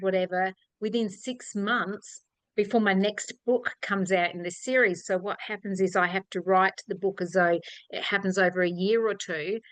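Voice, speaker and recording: A middle-aged Australian woman, an author, chatting casually on a podcast and telling lively stories with acted-out quotes. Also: medium pitch, no echo, rough recording. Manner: animated storyteller, acts out quoted voices. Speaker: author guest.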